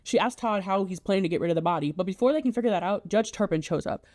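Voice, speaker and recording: Chatty woman recapping a story, mellow. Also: mid-range voice, quick pace, dry recording, studio quality. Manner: chatty, conversational, many "like"s. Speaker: video essayist. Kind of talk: casual plot recap.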